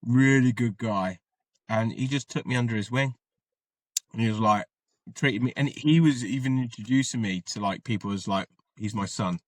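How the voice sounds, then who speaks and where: A man's voice: medium pitch, moderate pace, dry recording. A man, an army veteran and podcast guest, telling his story in a rambling, casual way and swearing freely.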